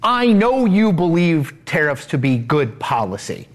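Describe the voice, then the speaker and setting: Lively man hosting a news interview. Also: fairly high pitch, a little slow. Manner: animated, probing questions. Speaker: interviewer host.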